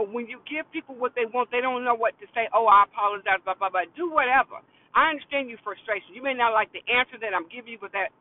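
A man who works in retail tells a story about a customer in a firm, emphatic way and repeats his key phrases. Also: extremely high pitch. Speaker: retail worker telling a work story. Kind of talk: casual storytelling rant to camera. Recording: tinny phone-like sound.

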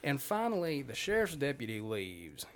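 A man's voice: medium pitch, huge pitch swings, moderate pace. A man in his thirties, a podcast guest, telling a rambling, profane story in casual chat. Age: 30s.

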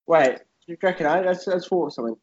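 A man's voice: a little high, quick pace, dull audio. A young man telling a rambling story on a podcast, swearing and laughing often as he talks. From Britain. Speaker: podcast co-host.

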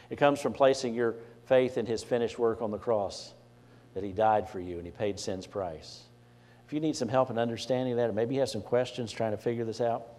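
A man's voice: lowish voice, a little mellow. A man preaching a sermon as pastor, conversational, asking the congregation questions and restarting phrases as he goes. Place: church sanctuary. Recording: church hall reverb.

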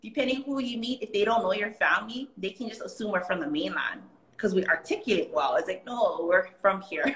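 A woman's voice: medium pitch, brisk. A young Hawaiian woman with a Hawaiian accent, chatting as a guest, telling stories with lots of laughter. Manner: animated storyteller, laughing often, slipping into pidgin voices. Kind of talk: casual chat. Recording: roomy echo.

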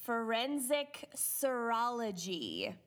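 Woman host, bright slightly high voice, slow cheerful delivery. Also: huge pitch swings. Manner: cheerful, giggly. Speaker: podcast co-host. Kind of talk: casual chat, introducing the show.

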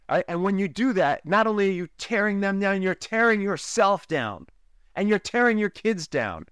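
A man's voice: high voice, big pitch swings, moderate pace, a bit bright, dry recording, clean studio sound. A man hosting a relationship podcast, giving an emphatic teaching monologue and repeating key lines for effect. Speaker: podcast host, relationship coach.

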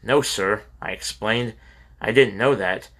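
A man reading a first-person memoir aloud in a plain, steady way, with a few slips and restarts. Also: on the low side, unhurried. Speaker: audiobook reader.

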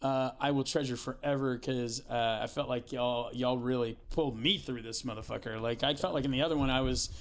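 A man's voice: a little fast, hardly any pauses. A middle-aged man hosting a casual talk among improv friends, telling stories with lots of swearing and laughter. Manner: swearing, laughing, mimics his kid in excited high voice. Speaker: improv podcast host.

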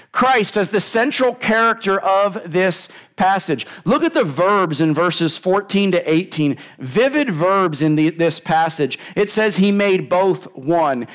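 Man, pastor, sermon, unhurried delivery, slightly high voice, emphatic repetition, rhetorical questions. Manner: deliberate, emphatic preaching with repeated phrases and questions to the congregation.

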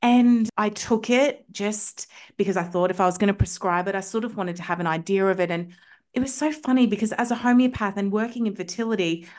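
Here a homeopath shares her own stories on a podcast, talking a little fast in a medium-pitched, slightly dark voice. The interview feels casual, and she's eager and talkative, leaning heavily on fillers.

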